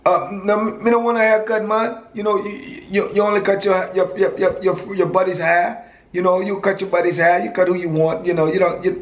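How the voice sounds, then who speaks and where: A man's voice: high-pitched, flat delivery, a little fast, voice pushed up. A man voicing a touchy, dismissive male inmate from the Virgin Islands with a Virgin Islands Creole accent and broken "me don't" phrasing, in an echoey room with faint noise.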